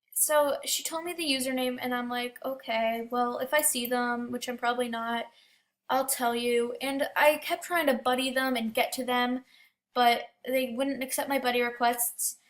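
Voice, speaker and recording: Casually recounting tales from an online game, a teenage girl talks in a voice that sits high and sounds a bit bright. She's talkative and frequently fills gaps or begins sentences again.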